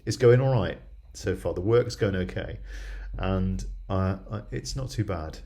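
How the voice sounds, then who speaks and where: A man's voice: deep voice, unhurried, dark tone. Chatty older man with rambling tags. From southwest England. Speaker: video diarist. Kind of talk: casual video diary.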